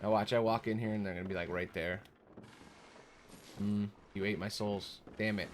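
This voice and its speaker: A young man giving casual live commentary on a game he is streaming, talking back at it in an exasperated way with sudden high-pitched outbursts. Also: steady tone, normal speed, a little hiss or hum. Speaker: gaming streamer.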